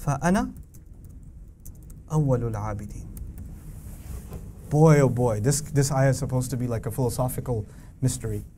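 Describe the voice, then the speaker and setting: A man teaching a Quran lesson to an audience, animated and questioning, reciting Arabic verses between English explanations. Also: mid-range voice, fast talker, a little hiss or hum. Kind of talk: religious lecture to a live audience.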